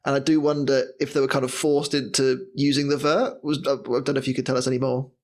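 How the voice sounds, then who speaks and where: A man hosting a podcast in casual chat, animated and laughing as he talks. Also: medium pitch, fast. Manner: animated, laughs while talking. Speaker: podcast host.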